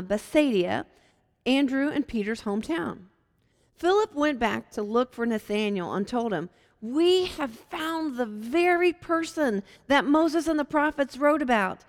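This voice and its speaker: A woman from Virginia teaching a Bible passage in a casual, animated way, acting out the quotes in lively voices. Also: high-pitched, in a large hall. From Hampton, Virginia.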